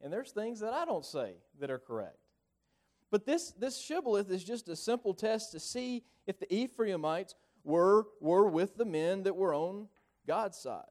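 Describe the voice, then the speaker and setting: Male preacher, Southern US accent, conversational sermon, halting delivery, slightly high pitch. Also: big pitch swings, a little mellow. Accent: rural Southern US. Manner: halting, repeats words often.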